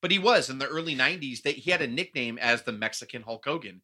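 A man's voice: mid-range voice, animated, fast talker, bright, forceful tone. A man co-hosting a casual podcast, ranting bluntly with plenty of swearing. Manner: ranting, profane, blunt opinions. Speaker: podcast co-host. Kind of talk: casual wrestling podcast chat.

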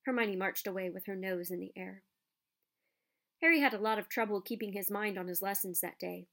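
A woman narrating a children's audiobook in a calm, even storytelling manner. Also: medium pitch, fairly quick, vocal fry.

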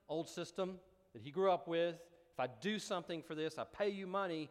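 A man preaching a sermon, animated and storytelling with rising emphasis. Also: on the high side, fairly quick. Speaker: pastor. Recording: long hall reverb.

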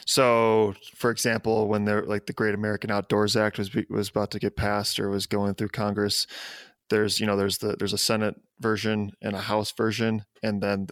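A man hosting a casual podcast interview, his voice low and fairly flat. He speaks hesitantly with plenty of fillers, recorded dry and close. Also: moderate pace, dry recording. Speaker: podcast host.

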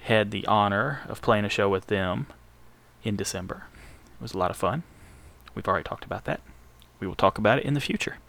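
A man's voice: fairly low pitch, a little fast, gravelly, long pauses, a bit bright. A male radio host with a Southern accent, back-announcing punk songs in a casual, profane, joking manner.

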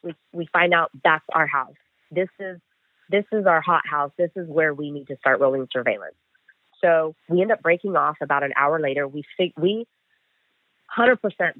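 A man's voice: a little high, normal speed, dry recording. A man working as a bail enforcement agent, telling a chase story in an interview and acting out the dialogue as he goes. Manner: animated, acts out dialogue with "I'm like". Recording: tinny phone line, dry.

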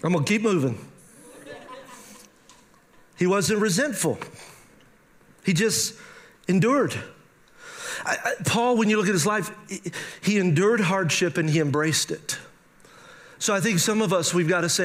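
A middle-aged man preaching a sermon to a congregation, lively and joking, talking straight to the room. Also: high voice, normal speed, long pauses. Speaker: pastor. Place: church sanctuary with a live congregation.

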